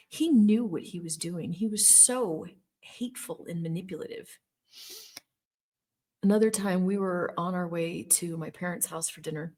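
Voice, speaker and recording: Middle-aged woman, lowish voice, earnest storyteller who stresses points by repeating words. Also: a little slow, dark tone. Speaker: former Jehovah's Witness telling her story. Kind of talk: personal storytelling monologue.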